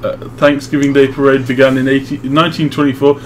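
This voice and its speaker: A man's voice: mid-range voice, level tone, quick pace, slight background noise. A young man hosting a casual session, reading absurd script narration dryly and laughing often. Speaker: host.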